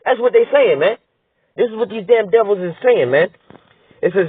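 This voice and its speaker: Husky high-voiced man ranting on tinny audio. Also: lively intonation, normal speed, pauses often, no echo. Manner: blunt, profane, rhetorical, repeats "all right?". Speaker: political commentator. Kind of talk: heated profane commentary reading news aloud. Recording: tinny phone-like dry sound.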